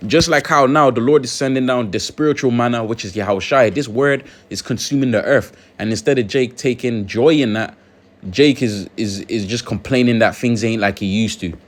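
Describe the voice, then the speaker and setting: A man's voice: mid-range voice, moderate pace. A man hosting a religious video, talking through scripture in a conversational way with lots of "you know". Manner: conversational, many fillers and restarts. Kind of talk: scripture commentary.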